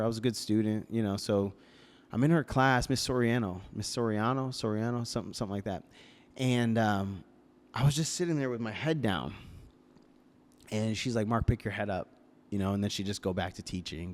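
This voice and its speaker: Speaking at a moderate pace in a fairly low, slightly mellow voice, a young man guests on a podcast and relates a personal story. It's a casual storytelling interview in a studio, captured on a podcast mic, and he keeps hesitating, using fillers and starting over.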